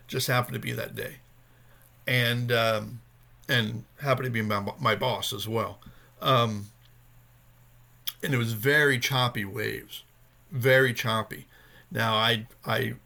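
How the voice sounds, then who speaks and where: A man's voice: medium pitch, vocal fry, sharp tone. A man talking in a casual personal vlog about his recovery journey, earnest and rambling as he searches for his words.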